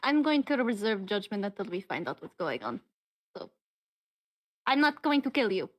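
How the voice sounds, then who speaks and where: A woman's voice: mid-range voice, very animated, normal speed. A woman playing a tabletop game, blunt and swearing, with frequent laughs. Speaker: player. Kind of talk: casual game chat.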